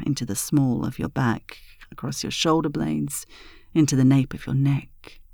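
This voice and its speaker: Slow, gravelly whispered role-play woman. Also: sits low, a little mellow, no room sound, studio quality. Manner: dominant, commanding; breathy, half-whispered delivery. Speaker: erotic audio narrator.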